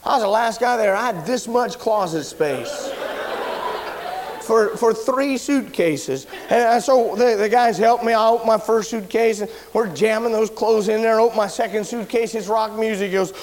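A man preaching, telling a personal story in a sermon, animated and shouting at the big moments. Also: normal speed, noisy background. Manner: animated storyteller, shouts at high points, drops low and quiet when somber.

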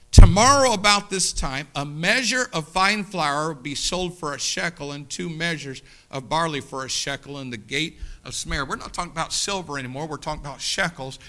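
A man preaching a sermon to his congregation, building to shouted peaks and slowing for emphatic repeated lines. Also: a little high. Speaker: pastor.

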